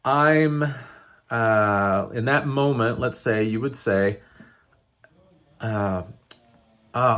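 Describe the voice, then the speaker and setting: A man coaching viewers in an unscripted talk, earnest and halting, with many fillers and restarts. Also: mid-range voice, fairly bright tone. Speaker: wellness coach. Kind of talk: unscripted teaching to camera.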